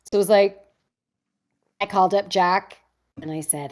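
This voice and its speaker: A middle-aged woman, an actress interviewed as a guest, telling a candid story in an animated, conversational way with frequent restarts. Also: fairly low pitch, moderate pace, long pauses. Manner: animated, acts out others' lines in voices, frequent restarts.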